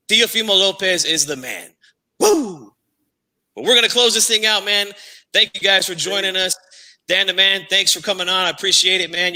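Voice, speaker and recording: A man hosting a boxing podcast, loud and theatrical, who talks about himself in the third person. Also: high voice, in a large hall. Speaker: podcast host. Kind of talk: hyped-up boxing talk.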